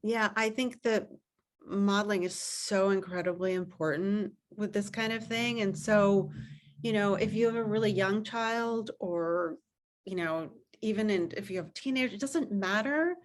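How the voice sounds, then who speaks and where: A woman's voice: medium pitch, normal speed. A middle-aged woman, a parenting author and coach, giving earnest advice over a video call and acting out what a parent might say. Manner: earnest, acts out parent and child quotes.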